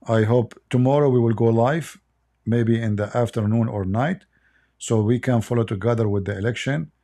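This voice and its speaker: A man's voice: medium pitch, moderate pace, dark tone. A middle-aged man with an Arabic accent hosting a livestream, blunt, mocking and emphatic in his commentary. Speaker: livestream host.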